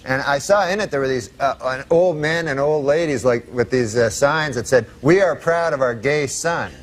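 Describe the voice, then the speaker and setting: A man telling jokes in a rambling, deadpan way, full of "you know" asides, in stand-up and talk show anecdotes. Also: medium pitch, moderate pace. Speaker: comedian.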